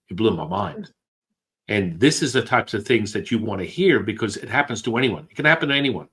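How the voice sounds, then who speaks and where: A middle-aged man, a guest, telling stories with excitable energy and casual swearing. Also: lowish voice, a little fast. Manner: excitable, swears, acts out quotes in other voices. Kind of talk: animated storytelling.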